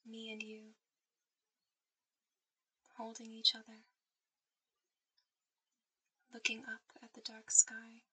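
Woman, whispered role-play sleep guide; bright, airy whisper held on one flat, level tone. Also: fairly high pitch, slow pace, pauses often, slightly rough, poor audio. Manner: soft intimate whisper, guiding to sleep. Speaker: ASMR performer.

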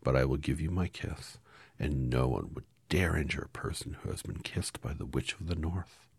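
Kindly little old witch in a storybook, soft, solemn, half whispered, deep gravelly reader's voice lifted higher, put on by a man. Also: moderate pace, dry recording, exaggerated voice. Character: gentle little old woman, a kind witch.

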